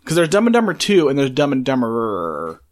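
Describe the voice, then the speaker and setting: A man's voice: mid-range voice, huge pitch swings, a little fast. A man co-hosting a casual podcast chat, laid-back, with short dry replies. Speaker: podcast co-host.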